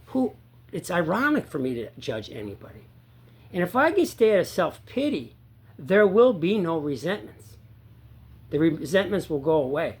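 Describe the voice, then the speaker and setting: Earnest man talking recovery, pitched a bit high. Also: sing-song, normal speed, breathy edge. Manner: earnest, repeats himself, swings from loud emphatic to quiet low. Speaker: sobriety coach. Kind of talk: casual recovery talk to viewers.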